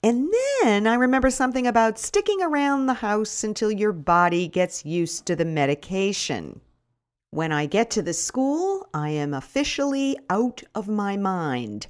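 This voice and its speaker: A middle-aged woman reading her first-person memoir in a wry, deadpan storytelling manner. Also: medium pitch, unhurried. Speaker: narrator.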